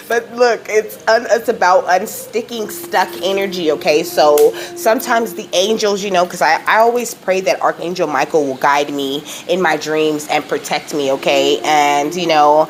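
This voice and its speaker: A woman hosting her own spiritual channel, talking casually and emotionally, filling every pause with "you know" and "okay?". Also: low-pitched, a little hiss or hum. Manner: rambling, says "you know" and "okay?" constantly, laughs often; emotional, close to tears at times. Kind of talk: casual spiritual vlog talk.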